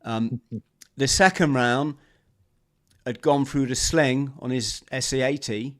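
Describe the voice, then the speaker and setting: A man, a former marine guest on a podcast, telling a lively story and acting out the shouts, talking over a video call. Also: mid-range voice, takes it slowly. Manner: animated storyteller, acts out shouted quotes. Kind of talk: storytelling interview.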